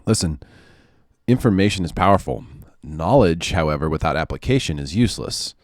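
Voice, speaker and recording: A man, a mortgage loan officer giving casual market commentary in an animated, sarcastic way, repeating phrases for emphasis. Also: low-pitched, fairly quick, no room sound, clean studio sound.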